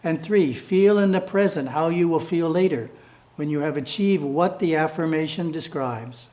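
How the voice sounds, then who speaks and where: Calm man reading spiritual instructions. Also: on the high side. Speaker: publisher reading his editorial.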